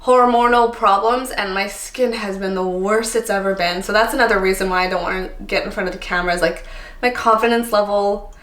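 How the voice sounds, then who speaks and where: A Canadian woman in her thirties vlogs casually to camera, candid, tired and a little emotional, with lots of ums and likes. Her medium-pitched, fairly bright voice has fairly even intonation and moves fairly quickly in an echoey room.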